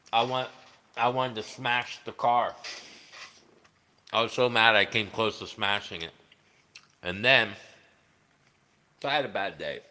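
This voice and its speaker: A guitarist chats casually on a livestream, rambling and swearing with lots of fillers. His voice is lowish and sharp, trailed by a long reverb.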